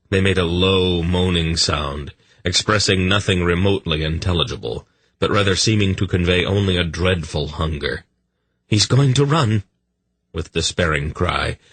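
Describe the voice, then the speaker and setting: A man narrating a fantasy audiobook in an even, measured storytelling manner. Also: low-pitched, husky, no room sound.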